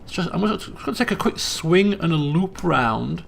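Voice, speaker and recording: A man's voice: on the high side, expressive, normal speed, creaky, slight background noise. A man hosting a let's play, chatting casually and questioning himself aloud as he works through the game. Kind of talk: casual gaming commentary.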